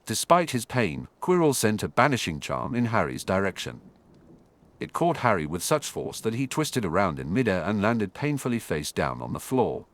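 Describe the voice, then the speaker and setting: A man narrating an audiobook in an animated storytelling manner. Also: fairly low pitch, moderate pace. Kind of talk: scripted narration.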